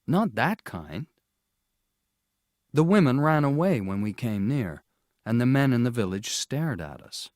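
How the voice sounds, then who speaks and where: A man narrating a storybook audiobook in a slow, measured, clear reading style. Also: medium pitch, very animated, a little mellow, no room sound, studio quality.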